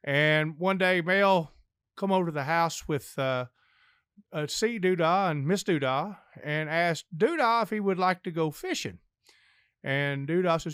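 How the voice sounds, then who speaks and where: A man's voice: fairly high pitch, expressive, unhurried, fairly bright tone, clear, resonant tone, no echo, clean studio sound. An older man, a podcast guest, telling long folksy jokes in a rambling storyteller's way.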